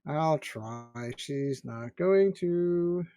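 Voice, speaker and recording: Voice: mid-range voice, lively intonation, extremely slow, dark tone, no room sound. Giggly tabletop player, dry sound. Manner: giggly, laughs while talking. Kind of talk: casual tabletop play.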